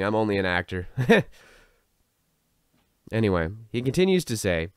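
A man's voice: on the low side, expressive, normal speed, clear, resonant tone, no echo, clean studio sound. A man giving a sarcastic, mocking commentary in a video about a film writer. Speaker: online commentator. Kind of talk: commentary vlog.

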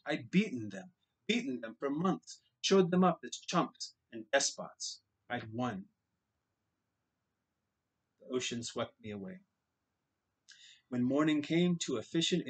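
A man with a mid-range voice, heard on a rough recording, reads a novel aloud as an audiobook. His first-person narration is earnest and turns dramatic in places.

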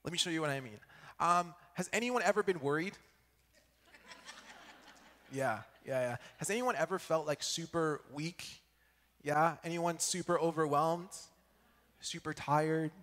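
A young man giving a sermon at church, telling a personal story in a lively way and checking in with the audience as he goes. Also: on the high side, measured pace, long pauses. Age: young adult. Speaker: student preacher. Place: church hall. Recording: echoey church hall.

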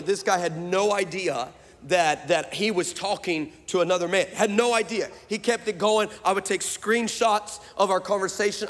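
Male pastor, high voice, lively comic sermon storyteller, big hall reverb. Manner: animated, fast, bursts into excited shouts.

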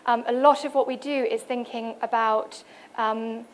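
In an event hall, a British woman presents at a cultural event with a fairly high, steady-toned voice and no rush. Introducing other artists, she's hesitant, stumbling through many fillers and restarts as she reads out quotes, in the manner of a conference speaker.

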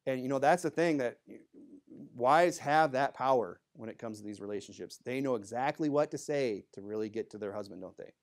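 A man preaches from the pulpit a little fast, keeping things conversational with frequent "you know" asides. He moves back and forth between emphatic bursts and quiet, low-toned comments.

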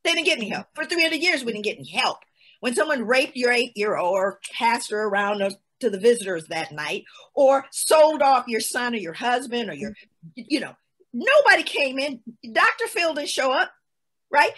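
A woman in her sixties gives an expressive, emphatic guest talk on a webinar. Her voice is high and husky, and it swoops widely in pitch as she tells stories. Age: 60s. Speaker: guest speaker. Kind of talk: lecture-style webinar talk.

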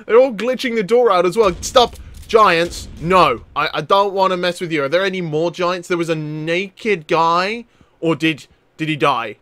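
A man giving excitable let's play commentary, often laughing and shouting at enemies. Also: high voice, no echo. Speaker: gaming YouTuber.

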